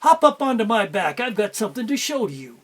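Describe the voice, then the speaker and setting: A man's voice: high voice, very animated, fast talker, full character voice. A man voicing a proud, commanding adult male eagle who speaks in a stern, fatherly way. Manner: stern, fatherly, calls the young one boy.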